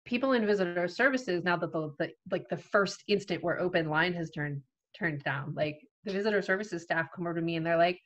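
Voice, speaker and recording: A woman guest telling a story in a casual chat, lively and acting out what people said. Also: fairly low pitch, fairly quick, highs cut off. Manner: lively, acts out quoted people, frequent "like" fillers.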